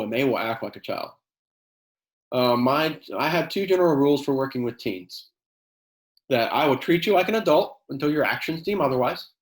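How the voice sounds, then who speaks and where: Chatty male chemistry teacher, echoey room. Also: medium pitch. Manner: conversational, many fillers, acts out quoted exchanges; self-described sarcastic. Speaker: high school chemistry teacher leading a workshop. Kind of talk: teacher workshop talk.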